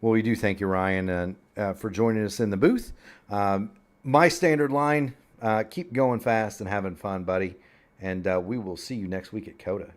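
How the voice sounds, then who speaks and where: A man's voice: on the low side, normal speed. A man hosting an online racing broadcast, rambling through the upcoming schedule in a folksy, chatty way. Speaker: sim racing broadcast host. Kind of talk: broadcast commentary.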